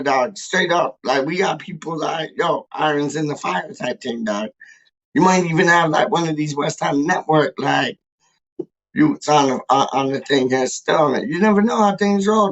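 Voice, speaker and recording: A man chats loosely on a fan livestream. He speaks in a somewhat high voice and rambles through street slang and hype. His talk keeps looping back on itself. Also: fairly bright tone, highs cut off. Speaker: fan channel host. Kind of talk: casual livestream chat.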